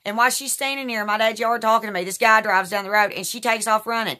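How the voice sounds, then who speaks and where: A woman talks straight to camera, repeating herself as she rambles through an indignant account. Her voice is bright and forward. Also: fairly high pitch, fairly even intonation, quick pace. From Kentucky, USA. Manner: rambling, repetitive, indignant storytelling. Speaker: vlogger. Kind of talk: casual monologue to camera.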